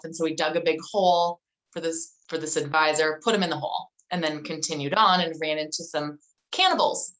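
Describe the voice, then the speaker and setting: A woman's voice: low-pitched, fairly quick, a bit bright, low-quality recording. Chatty woman telling stories loosely. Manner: chatty, loose storytelling with frequent 'like' and 'um'. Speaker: guest. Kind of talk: casual conversational interview.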